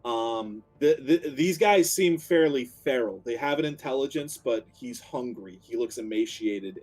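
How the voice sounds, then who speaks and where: A man running a tabletop game as dungeon master, narrating in a relaxed, descriptive way with fillers and restarts. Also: mid-range voice, unhurried, few pauses, low-quality recording.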